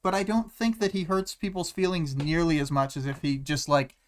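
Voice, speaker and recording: A young adult co-host thinks aloud in a loose, halting way, with frequent fillers and restarts. The voice sits in a middle pitch range and the tone stays conversational. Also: steady tone. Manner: hesitant, rambling, heavy use of "like". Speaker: podcast co-host. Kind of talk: casual discussion of a web serial.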